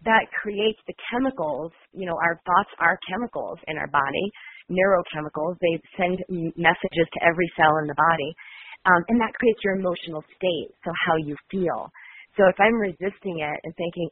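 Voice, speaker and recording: A woman's voice: fairly low pitch, a little fast, slight background noise. A woman with a nasal, congested voice from a cold, talking earnestly and reflectively as a guest. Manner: flowing, earnest, with many um's. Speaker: guest, healer. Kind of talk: reflective conversational talk. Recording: phone-like call audio.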